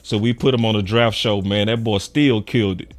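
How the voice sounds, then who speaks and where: A young man hosting a sports show in casual, animated chat, full of slang and quick laughs. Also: lowish voice. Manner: animated, slangy, laughs often, quotes fans in raised voice.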